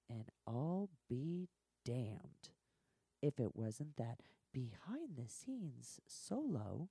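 Low, mellow-voiced woman telling blunt stories. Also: takes it slowly, creaky, breathy edge, no room sound, studio quality. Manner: blunt, profane, animated storytelling. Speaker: guest. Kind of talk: candid podcast storytelling.

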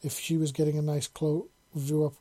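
A man narrating a fantasy story in a measured, unhurried way. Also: on the high side, flat delivery, dark tone.

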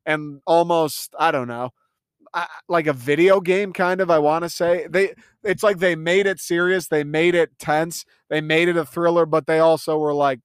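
Clear-voiced man raving about a movie. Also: on the high side, normal speed, no room sound, clean studio sound. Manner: enthusiastic, rambling, swears freely. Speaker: movie reviewer. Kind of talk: casual movie review vlog.

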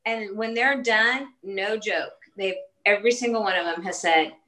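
A woman's voice: medium pitch, moderate pace, bright, forceful tone, poor audio. A woman in her late forties, a fitness trainer, chatting earnestly in a casual podcast interview, speaking in short restarting phrases. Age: 40s.

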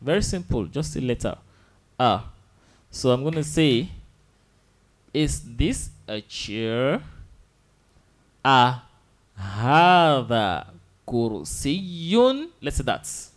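Slow, patient male Arabic teacher. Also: mid-range voice, very animated. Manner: slow, patient drilling with repeated prompts. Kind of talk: online language lesson.

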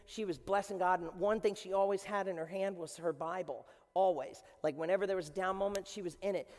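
A man preaching a sermon with passion, building up to shouts. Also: sits high, steady tone, a little fast, big-room sound.

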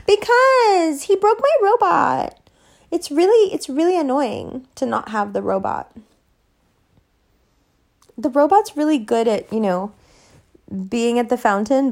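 Woman, podcast host, casual monologue, blunt, profane, lively swooping pitch, gravelly fry. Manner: blunt, emphatic, heavy swearing; loose, rambling asides.

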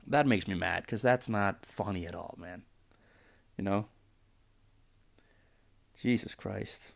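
A man's voice: lowish voice, takes it slowly, creaky, long pauses. Sarcastic, swearing man ranting on a podcast. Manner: sarcastic, profane, exasperated ranting. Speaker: podcast host. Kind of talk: casual podcast rant.

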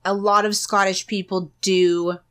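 A woman co-hosting a podcast in relaxed casual chat, laughing often and steering the topic. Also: medium pitch, unhurried, smooth. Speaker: podcast co-host.

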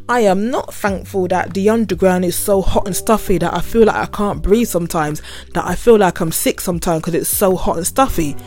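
A woman's voice: fairly low pitch, normal speed, faint music behind. Chatty London woman podcaster. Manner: chatty, slangy, animated. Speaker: podcast host. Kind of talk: casual solo podcast rant.

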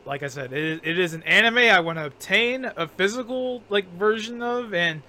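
A man's voice: sits high, lively intonation, moderate pace, sharp tone. A man co-hosting a casual podcast, rambling with lots of fillers, restarts and frequent laughter. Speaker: podcast co-host.

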